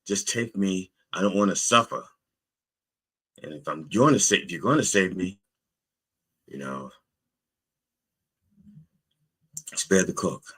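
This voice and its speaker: A man's voice: deep voice, expressive, moderate pace, long pauses, a bit bright, slightly rough, full character voice. A man voicing a desperate shipwrecked man who pleads with God, in a raised, strained voice. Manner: pleading, then singing joyfully.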